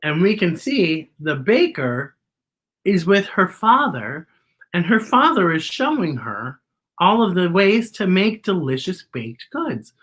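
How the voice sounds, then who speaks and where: A woman reads a children's picture book aloud, slow and animated, her pitch swooping up and down. Her voice sits on the low side but sounds bright, and she breaks off for chatty remarks about the pictures. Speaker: children's story reader.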